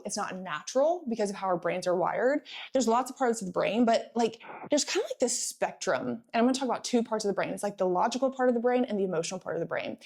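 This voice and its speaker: A pregnant woman in her thirties giving a lively sales training talk to a live audience, often asking them to answer back. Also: medium pitch. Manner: energetic, playful, asks audience for responses.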